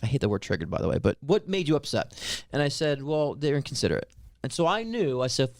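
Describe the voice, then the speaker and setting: Fast-talking New York man, animated. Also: mid-range voice, vocal fry, no echo, clean studio sound. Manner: animated storyteller, acts out voices. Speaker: life coach guest. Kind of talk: conversational podcast interview.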